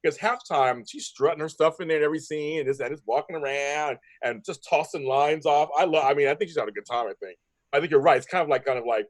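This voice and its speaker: A man chatting excitedly and gushing as a panelist on a soap opera recap show. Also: a little high, no echo. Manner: excitable, gushing, rapid talk. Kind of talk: casual chat.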